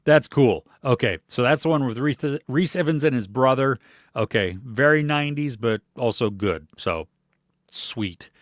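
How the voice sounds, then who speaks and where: A relaxed American man talks slowly about films and shows, drifting along with fillers and soft chuckles. His voice sits at a middle pitch and sounds dry and close, with no room around it. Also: no echo. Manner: relaxed, rambling, with many fillers and small laughs. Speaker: podcast host reading viewer comments. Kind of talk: casual chat.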